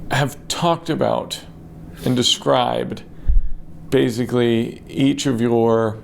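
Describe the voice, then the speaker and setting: Gravelly-voiced podcast host asking questions. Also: male voice, mid-range voice, steady tone, takes it slowly, slight background noise. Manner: thoughtful, probing questions. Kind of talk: casual interview.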